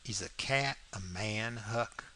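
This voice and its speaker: A man's voice: fairly low pitch, slow, pushed and bright, slight background noise. A man reading the part of a stubborn, plain-spoken grown man in a storybook, with a heavy rural dialect and a blunt, argumentative way of talking.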